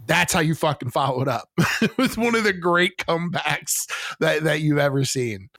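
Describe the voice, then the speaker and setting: A man co-hosting a podcast in casual chat, excited and profane, talking in rambling bursts with restarts. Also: on the high side, moderate pace, no echo, clean studio sound. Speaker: podcast co-host.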